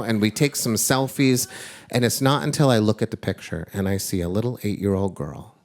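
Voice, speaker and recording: A middle-aged man telling a true personal story on a live stage, wry and confessional, turning from jokey to hushed. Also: lowish voice, animated, normal speed. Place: live stage before an audience.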